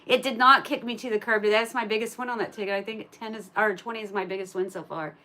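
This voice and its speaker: A woman chatting casually on a live stream, thinking aloud and talking to her viewers, turning loud and excited at a win and cooing to her pet. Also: medium pitch, quick pace. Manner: gets excited and loud at wins. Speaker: live streamer scratching lottery tickets.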